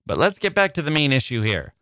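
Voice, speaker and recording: A man's voice: mid-range voice, huge pitch swings, fast talker, sharp tone, no room sound, studio quality. A man hosting a literary podcast, playful and theatrical, often laughing at himself, with a voice a listener called squirrel-like. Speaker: podcast host.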